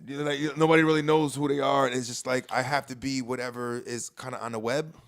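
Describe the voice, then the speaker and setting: A man's voice: mid-range voice, steady tone, quick pace. A middle-aged man co-hosting a podcast in casual chat, loose and profane, laughing often. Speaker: podcast co-host.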